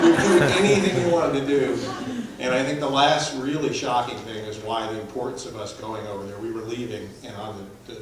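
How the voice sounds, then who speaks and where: A man shares stories of a mission trip with a lively, laughing delivery. He is recorded from far off in a big echoey church hall, with faint room noise behind him. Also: medium pitch. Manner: animated anecdotes with laughter. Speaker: mission team member. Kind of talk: storytelling at a church presentation.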